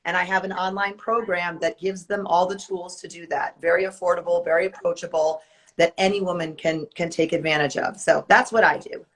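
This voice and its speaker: A woman from the Northeastern US, a bit hoarse, explaining her work in a friendly way on a casual video call. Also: lowish voice, fairly even intonation, brisk, rough recording. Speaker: online stylist. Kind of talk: casual live video chat.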